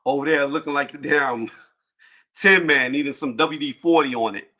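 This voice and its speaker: A man hosting a casual boxing livestream panel, joking loudly and cursing, with frequent laughs and trash talk. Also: medium pitch, normal speed.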